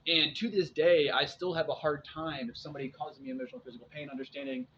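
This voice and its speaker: A man's voice: a little high, fairly even intonation, quick pace. A man in his forties talking in a casual, rambling monologue to his viewers, often restarting his sentences and dropping in fillers. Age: 40s. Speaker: vlogger sharing personal experience. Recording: dull lo-fi sound with faint background noise.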